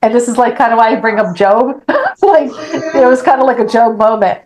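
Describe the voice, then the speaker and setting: Middle-aged woman guest on a podcast, frank and lively, voices each line of her story as she tells it. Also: fairly high pitch, moderate pace, slight background noise, low-quality recording. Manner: animated, acts out dialogue, frank and blunt. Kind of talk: personal storytelling in an interview.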